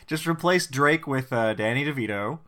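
A man's voice: medium pitch, moderate pace, bright, forceful tone. A man co-hosting a podcast, recapping a TV episode in casual chat with wry, sardonic asides and free swearing. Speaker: podcast co-host.

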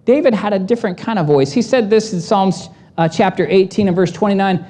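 A woman pastor delivering a sermon, animated and acting out the voices in the story. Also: mid-range voice, brisk, hardly any pauses.

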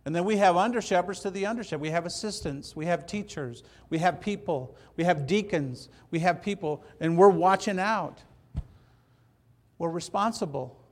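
A man's voice: high voice, moderate pace. A middle-aged man preaching a sermon as pastor, earnest and folksy, repeating his phrases and telling stories from his family.

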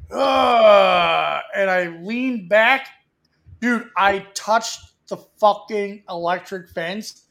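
High-voiced profane storytelling man. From Florida. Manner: profane, rambling, animated storyteller. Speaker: podcast co-host. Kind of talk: crude storytelling banter.

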